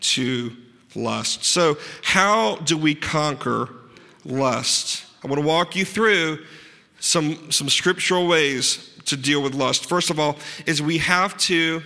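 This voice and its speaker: A pastor preaching a sermon, earnest with dry asides, leaning hard on key words. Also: male voice, on the high side, slow, vocal fry, pushed and bright. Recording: long hall reverb.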